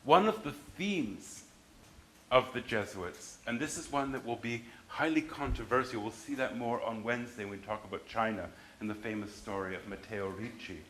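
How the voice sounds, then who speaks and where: A man's voice: medium pitch, fairly bright tone, echoey room, a little hiss or hum, low-quality recording. A man giving a university history lecture, emphatic and restarting his sentences as he explains.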